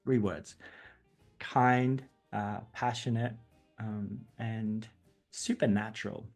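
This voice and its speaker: Gravelly, animated man with laughs. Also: fairly low pitch, takes it slowly, faint music behind. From England. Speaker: guest. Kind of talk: casual interview chat.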